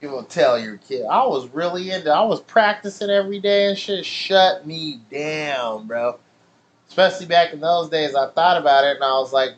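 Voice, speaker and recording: A man's voice: a little high, moderate pace, lo-fi sound. Profane man telling a story. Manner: profane, laughing, animated storytelling. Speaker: channel host. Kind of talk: casual storytelling.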